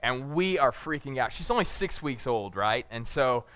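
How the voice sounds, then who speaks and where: A young man preaching a casual sermon, telling rambling, jokey family stories and loudly acting out moments of panic. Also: medium pitch, expressive, normal speed, dry recording. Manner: jokey, rambling storyteller who shouts acted-out panic. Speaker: pastor.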